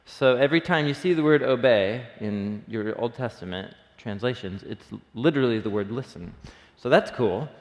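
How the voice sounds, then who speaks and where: A man's voice: medium pitch, normal speed, hardly any pauses. A man leading an early-morning Bible study, teaching in an enthusiastic, conversational way and thinking aloud with plenty of fillers. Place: church room. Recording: long reverb of a hall.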